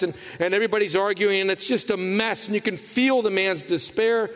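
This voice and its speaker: High-voiced man preaching in a hall. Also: fairly even intonation, moderate pace, hardly any pauses. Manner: dramatic, swings from hushed to fervent. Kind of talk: sermon.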